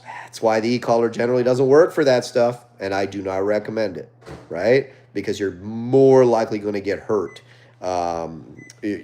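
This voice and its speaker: A man with a fairly low voice answers viewer questions on a live stream. He speaks casually and conversationally, like a trainer explaining his methods, and keeps checking in with a quick "right?". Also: a little mellow. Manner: conversational, reads viewer questions aloud and answers, often ends points with "right?". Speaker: dog trainer hosting a live Q&A.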